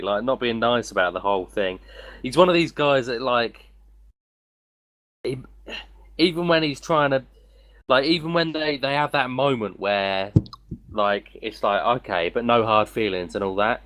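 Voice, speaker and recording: A man's voice: mid-range voice, moderate pace, a bit bright. Rambling man, podcast chat. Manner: rambling, filler-heavy explaining. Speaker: podcast co-host. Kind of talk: casual chat.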